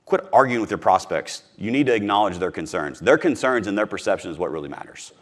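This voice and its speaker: A man's voice: lowish voice, lively intonation, quick pace. A man from Missouri giving a live sales training talk to a room, emphatic and repeating his key points.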